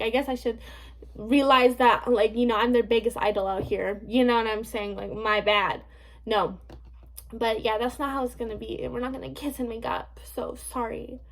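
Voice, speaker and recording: A woman's voice: fairly high pitch, gravelly. A young woman vlogging a casual storytime rant, sassy and blunt, swearing freely with lots of "like".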